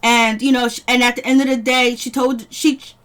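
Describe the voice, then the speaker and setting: A woman casually recapping a reality show episode in a chatty, animated way, laughing often and greeting viewers. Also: fairly high pitch, a little fast. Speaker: show reviewer.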